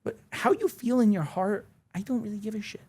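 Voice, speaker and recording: A man from Syria speaks as an interview guest, sounding a little higher than most men, with a gravelly edge. He talks bluntly and swears freely as he tells his stories in a loose, conversational style. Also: very animated, a little fast, a little mellow. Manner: blunt, profane storytelling. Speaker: podcast guest, attorney.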